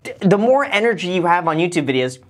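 A man hosting a casual reaction video, animated and joking, with mocking asides. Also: high voice, quick pace. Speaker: host, finance YouTuber.

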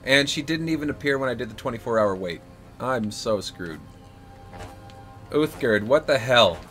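A man's voice: medium pitch, expressive, moderate pace, a bit bright, faint music behind. A man live-streaming a video game, talking through his play in an exasperated, jokey way.

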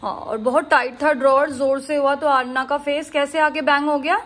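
Indian mother, high voice, coaxing tone. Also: fairly even intonation, racing, fairly bright tone. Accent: Indian English. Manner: coaxing, soothing, laughs often, mixes English with Hindi. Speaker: vlogger mother. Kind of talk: casual family vlog. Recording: faint background noise.

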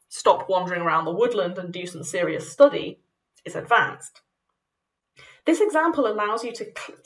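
Woman, university lecturer, middle pitch, recorded lecture, lively poetry reading, wry asides. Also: distant mic, poor audio. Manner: reads verse aloud with lively emphasis; light self-mocking asides.

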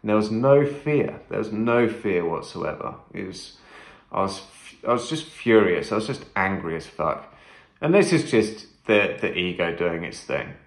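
A man's voice: sits low, very animated, normal speed, reverberant. A man vlogging a first-person trip report, talking intensely and emphatically, swearing often and repeating phrases.

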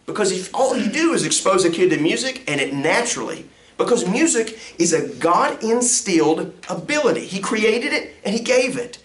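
A man, a pastor teaching a music ministry class in an animated lecture that swoops up and down in pitch. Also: a little hiss or hum. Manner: acts out sounds and quotes with big pitch jumps. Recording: roomy echo.

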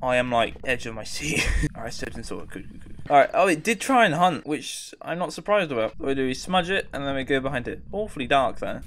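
A man's voice: medium pitch, lively intonation, a little fast, a bit bright, a little hiss or hum. A young man giving jittery, jokey commentary while playing a horror game, often talking to himself. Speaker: gaming streamer. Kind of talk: live gameplay commentary.

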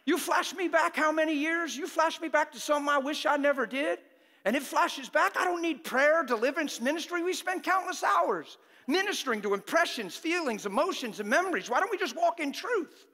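A man preaching a fervent, exhorting sermon that bursts into shouting, in a church. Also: very high voice, lively intonation, fairly quick, in a large hall.

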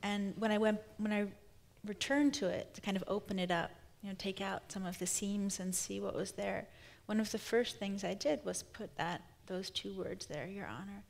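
A woman's voice: mid-range voice, steady tone, normal speed, gravelly, hardly any pauses. A woman novelist in her thirties speaking onstage in a live conversation, thoughtful and searching, often restarting her sentences. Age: 30s. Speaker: novelist guest.

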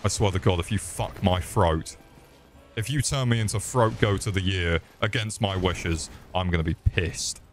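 A young streamer with a low voice talks at a moderate pace over faint background music. His live commentary on the game he's playing is sweary and jokey, and he yelps in panic when things go wrong.

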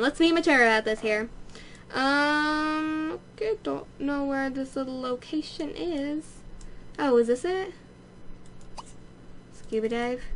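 A young woman with a high, bright voice narrates her life-sim game in a bubbly, gushing way, bursting into excitement over small discoveries. Her chatter runs loose and casual, and a faint hiss sits under the recording. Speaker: let's play host. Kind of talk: casual gameplay commentary.

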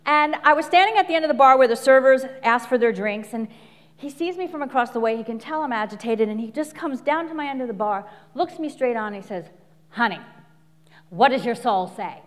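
A middle-aged woman coach giving an animated live talk full of stories, laughing often and acting out quotes. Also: sits high, fast talker, long reverb tail. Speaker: speaker and coach. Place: large venue before an audience.

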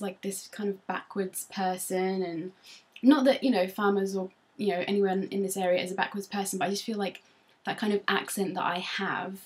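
Rambling young Norfolk woman vlogging. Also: medium pitch. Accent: Norfolk English. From Norfolk, England. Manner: rambling and self-conscious, many ums. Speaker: beauty vlogger. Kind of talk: casual chat to camera.

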